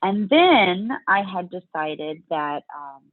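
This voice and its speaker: Speaking slowly but very animatedly in a lowish voice, this middle-aged Louisiana woman, a fitness competitor, chats as an interview guest and quotes her own past reactions. The line sounds dry and tinny, phone-like, with no echo.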